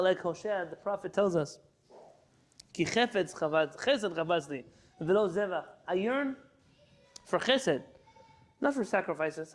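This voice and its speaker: A man teaching a class to students in a room, reading Hebrew passages aloud and then translating and explaining them. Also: sits high. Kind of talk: lecture class.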